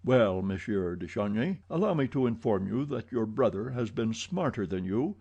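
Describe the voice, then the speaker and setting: A man's voice: lowish voice, expressive, moderate pace, mellow, husky, lo-fi sound. A man playing a pompous police commissary. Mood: brisk. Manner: pompous, lecturing. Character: self-satisfied police commissary, brisk and pompous.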